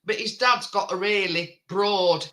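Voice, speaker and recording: Slow, halting Yorkshire man chatting. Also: sits high, pushed and bright. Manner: halting, rambling speech with many restarts. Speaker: live stream host. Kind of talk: casual live stream chat.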